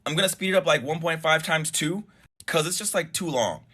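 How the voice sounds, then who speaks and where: A man's voice: fairly high pitch, fairly quick, pushed and bright, slightly rough. A man casually narrating and reacting to a story, with incredulous, sarcastic asides. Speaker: reaction commentator.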